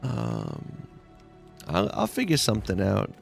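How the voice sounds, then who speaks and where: A man's voice: lowish voice, huge pitch swings, slow, vocal fry, faint music behind. A man live-streaming a game, chatting casually in a rambling, slangy way full of "like"s. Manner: laid-back, rambling, slangy with many "like"s. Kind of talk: casual live-stream chat while playing.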